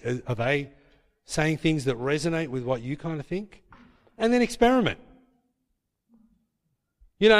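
Pastor preaching in a reverberant hall. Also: male voice, a little high. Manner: emphatic, repeats points, tag questions. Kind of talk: sermon.

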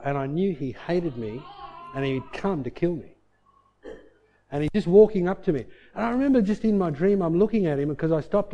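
Animated storytelling male preacher. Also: a little high, dull audio. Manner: animated storyteller, rising to loud bursts. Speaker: pastor. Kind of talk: sermon storytelling.

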